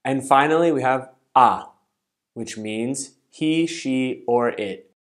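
A man gives a scripted online language lesson in a clear, methodical voice. His pitch sits in the middle range for a man. He repeats each example word slowly and carefully, recorded close to the mic as a voice-over. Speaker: language teacher.

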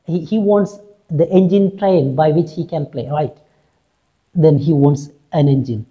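In a class on a play, a female English teacher explains it in a low, breathy voice at normal speed. She repeats lines and checks in with "right?", and the lo-fi recording sounds dull.

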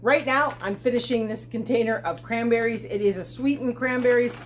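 Here a homesteading host gives a casual cooking demonstration in her home kitchen, chatty and self-deprecating as she works. She sounds a little high-pitched, keeps a moderate pace, and there's slight background noise.

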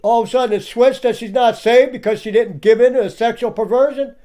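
Indignant preaching man, high voice. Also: fairly even intonation, fast, dark tone. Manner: indignant, rhetorical questions. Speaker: online commentator. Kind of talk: preachy commentary over clips.

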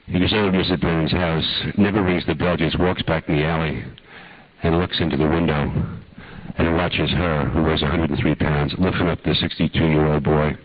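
Deep-voiced older man preaching a story. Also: dry recording. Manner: folksy, dramatic, rising to impassioned. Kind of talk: storytelling sermon. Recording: dull lo-fi archive talk recording.

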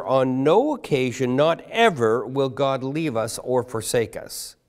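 A man preaching a sermon as guest pastor, putting rhetorical questions to the congregation and slowing down to stress key words. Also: fairly high pitch.

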